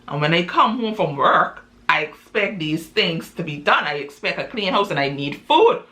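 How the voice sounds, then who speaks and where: A woman's voice: on the low side, very animated, normal speed, bright, forceful tone. A woman doing a cocky young man. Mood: boastful. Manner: cocky, dismissive. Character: brash young man, boastful abuser.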